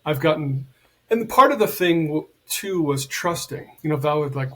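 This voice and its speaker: Middle-aged male guest, husky, slightly high register; animated storyteller who acts out quotes. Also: normal speed. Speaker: podcast guest, healer and medium. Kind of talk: casual conversation.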